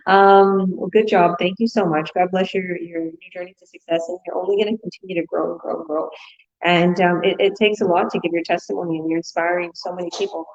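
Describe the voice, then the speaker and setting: A woman's voice: lowish voice, a little fast, dull audio. A woman hosting a casual online business chat, upbeat, encouraging and rambling as she talks. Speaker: host.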